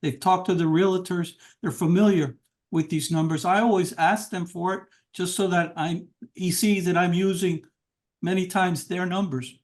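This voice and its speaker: Call participant, man, high voice, matter-of-fact. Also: fairly even intonation, moderate pace.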